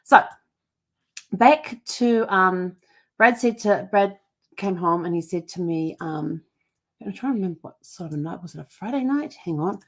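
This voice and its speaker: A woman's voice: lowish voice, animated, moderate pace. A middle-aged woman telling a personal story on her vlog, chatty and rambling, with frequent restarts. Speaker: family history vlogger.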